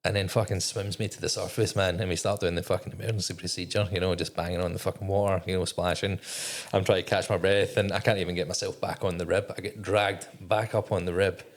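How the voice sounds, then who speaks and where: A low-pitched man tells a candid story as a podcast guest. He swears nearly every sentence and acts out what he thought at the time. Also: little pitch movement, fast, hardly any pauses. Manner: profane, swears constantly, quotes his own thoughts. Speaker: podcast guest, former navy technician.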